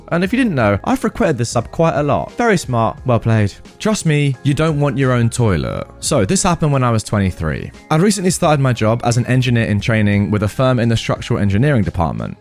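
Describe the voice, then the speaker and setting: A man reads online stories aloud with a lively, swinging pitch, then weighs in with his own remarks. His voice sits in a middling register, and faint music plays underneath. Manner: animated storytelling. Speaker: story narrator.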